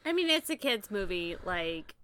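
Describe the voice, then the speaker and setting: A young woman co-hosting a podcast, chatting casually with quick, joking reactions. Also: mid-range voice, very animated, sharp tone, no room sound. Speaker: podcast co-host. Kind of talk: casual chat.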